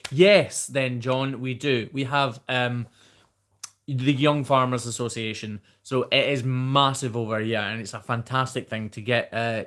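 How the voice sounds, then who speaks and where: A man's voice: medium pitch, fairly bright tone. A man with a mild Scottish accent hosting a live question-and-answer stream, reading viewer questions and answering them off the cuff in a chatty way. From Scotland. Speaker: host.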